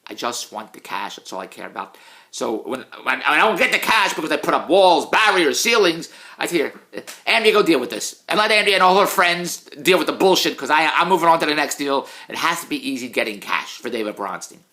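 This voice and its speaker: A middle-aged man in a casual, self-mocking rant, swinging between low mutters and loud outbursts. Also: big pitch swings, brisk. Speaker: vlogger, TV producer. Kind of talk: casual ranting monologue.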